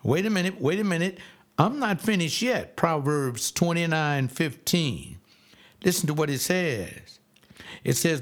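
A man's voice: on the high side, lively intonation, a little slow. A man in his seventies preaching a sermon, emphatic and repetitive, often acting out voices. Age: 70s.

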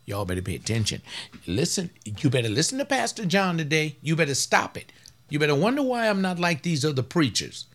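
A man preaching a fiery sermon as pastor, swinging from loud outbursts to hushed asides. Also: fairly high pitch, big pitch swings, a little fast.

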